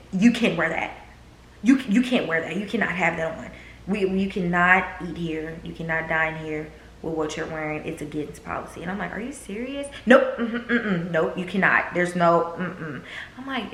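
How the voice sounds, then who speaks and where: A woman's voice: on the low side, fairly bright tone. A young woman vlogger telling a candid, profane storytime, drawling and putting a raised voice on the others she quotes. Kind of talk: casual storytime. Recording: echoey room with faint noise.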